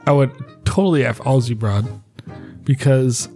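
A man chats as a podcast guest, swearing freely and joking. His pitch sits in the middle. Faint music plays behind him. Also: normal speed, dark tone. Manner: profane, laughing, playful. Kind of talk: casual podcast banter.

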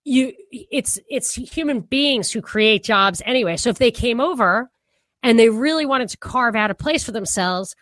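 A woman co-hosts a podcast, rambling casually through political ideas, restarting often and laughing easily. Her voice is fairly high, expressive and fairly bright, at a moderate pace, recorded dry.

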